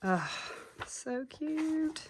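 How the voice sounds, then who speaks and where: A woman craft seller chats casually and enthusiastically as she shows her handmade junk journals to viewers. Her high voice is very animated but extremely slow, with slight background noise.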